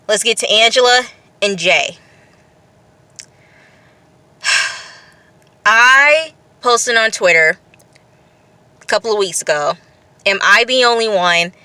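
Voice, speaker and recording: A woman talking through a TV episode in an unscripted casual recap, expressive and repetitive, laughing at times. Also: mid-range voice, dry recording. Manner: expressive, repeats phrases, breaks into laughs. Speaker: TV review vlogger.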